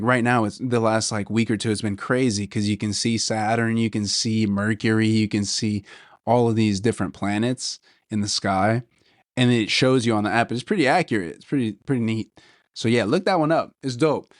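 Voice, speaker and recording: A man's voice: medium pitch, no echo. Chatty young man, dry close sound. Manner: enthusiastic, rambling, says "dude" a lot. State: slightly losing his voice. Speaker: podcast host. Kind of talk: casual solo podcast talk.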